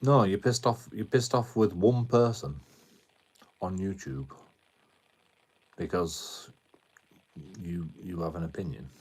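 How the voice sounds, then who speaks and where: A man's voice: sits low, slow pace, pauses often, a little mellow, breathy edge. A British man live streaming, arguing with his chat in a combative tone, swearing a lot and repeating himself. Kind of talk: ranting at chat on a livestream.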